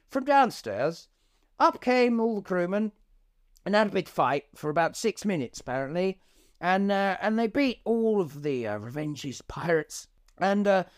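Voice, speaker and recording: Rambling man, lively high voice. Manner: rambling, deadpan absurd asides, many ums and uhs. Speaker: comedy podcast co-host. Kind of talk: improvised comic chat.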